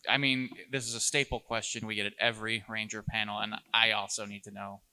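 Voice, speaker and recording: Male moderator, bright and gravelly, asking panel questions. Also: fairly low pitch, little pitch movement, quick pace. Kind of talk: panel interviewing.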